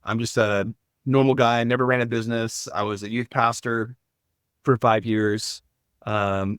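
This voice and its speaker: A man's voice: fairly low pitch, no room sound, clean studio sound. A man speaking as a podcast guest in an earnest, self-deprecating way, hesitating and restarting often. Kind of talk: casual podcast interview.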